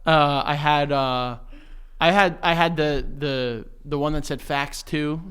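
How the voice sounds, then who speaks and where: A man chats casually as a podcast co-host, relaxed and quick to laugh. His voice is crisp and forceful, sitting a little high for a man. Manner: laid-back, storytelling, quick to laugh. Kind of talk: casual chat.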